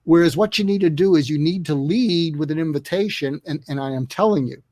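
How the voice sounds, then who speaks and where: Earnest man explaining, slightly high voice. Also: a little fast, darkish tone, dry recording. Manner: earnest, explains in steps, acts out dialogue. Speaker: guest expert on listening. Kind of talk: interview conversation.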